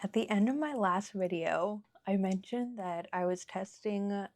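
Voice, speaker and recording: A woman's voice: medium pitch, moderate pace, no room sound. A young woman chatting casually as a crochet vlogger, gushing and giggling, often saying "like" and "oh my gosh". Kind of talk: casual chat.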